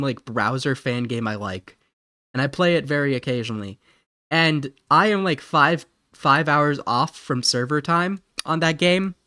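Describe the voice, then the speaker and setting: A man's voice: a little high, bright, forceful tone, dry recording, studio quality. A man from Ohio chatting casually while streaming a game, rambling, giggly and correcting himself as he goes. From Ohio, USA. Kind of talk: casual live-stream chat.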